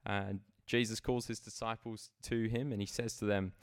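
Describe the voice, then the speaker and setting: A man's voice: on the low side, level tone, moderate pace, hardly any pauses. A man preaching a sermon, earnest and reflective, often restarting his phrases.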